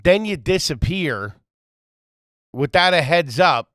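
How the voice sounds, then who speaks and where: A man's voice: fairly high pitch, lively intonation, slow pace, fairly bright tone, dry recording, studio quality. A man co-hosting a podcast, chiming in with wry teasing quips in casual chat. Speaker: podcast co-host.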